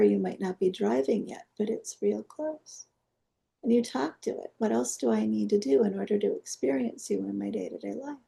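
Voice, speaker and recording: Teaching energy healing, a woman talks listeners through a guided meditation, softly coaxing and offering prayer-like invocations. Her voice is medium in pitch and gravelly.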